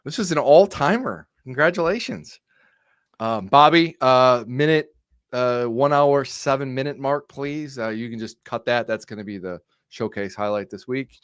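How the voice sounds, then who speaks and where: Relaxed man on a dry mic. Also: mid-range voice, normal speed, clear, resonant tone, no room sound. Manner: relaxed, amused, lots of filler ums. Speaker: podcast co-host. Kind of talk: casual sports podcast chat.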